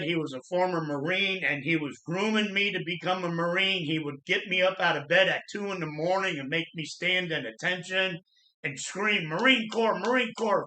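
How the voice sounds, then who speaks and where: A middle-aged man hosting his channel, earnestly telling his own life story in a plain-spoken, halting way. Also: high voice, bright, forceful tone. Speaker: channel host sharing personal trauma story. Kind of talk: personal storytelling monologue. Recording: echoey room.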